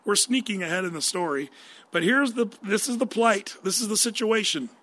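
A man preaching. He reads scripture and talks through it in a lively, conversational way, asking his listeners questions. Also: high voice, moderate pace. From United States. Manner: animated, conversational, asks the audience questions. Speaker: pastor. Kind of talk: sermon with scripture reading.

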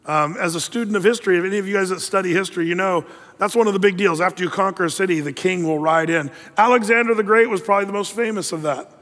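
A male pastor teaching a Bible passage in a chatty, digressive sermon full of asides and rhetorical questions, clearing his throat often. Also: sits high, quick pace, a bit bright. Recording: long echoey hall reverb.

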